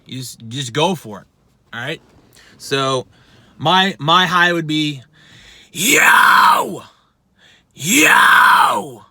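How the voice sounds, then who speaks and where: A man's voice: a little high, a little slow, pauses often, bright, forceful tone, no room sound. A man giving a casual vocal lesson, talking bluntly with plenty of swearing and poking fun at himself. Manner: blunt, profane, self-deprecating. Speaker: vocal instructor.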